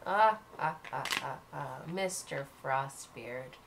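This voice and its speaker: A woman voicing a sinister villain who laughs menacingly and speaks in a slow, gloating way. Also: rumbling low, expressive, creaky, noisy background, voice pushed down, exaggerated voice.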